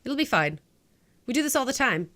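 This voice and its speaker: A woman casually commenting on her space game while streaming live, jokey and excitable, chatting with viewers. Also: on the high side, fairly quick. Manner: jokey and excitable, talking to chat.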